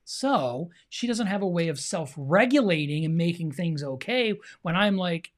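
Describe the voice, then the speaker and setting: A man's voice: fairly high pitch, moderate pace, hardly any pauses. Earnest middle-aged male podcast co-host. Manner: earnest, opinionated, addresses listeners directly. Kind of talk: casual chat.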